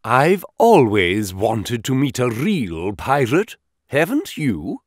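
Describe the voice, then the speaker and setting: A man doing a wry, eager gentleman detective. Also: mid-range voice, huge pitch swings, slow, no echo, studio quality, heavily acted. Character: eager brilliant male detective, dry wit.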